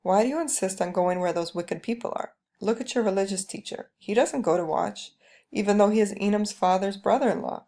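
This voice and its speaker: A stern, traditional mother lays down the rules in a firm, lecturing tone, voiced by a woman reading a story aloud. The voice is low in brightness and carries a gravelly edge. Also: fairly quick, close to an everyday voice. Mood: scolding.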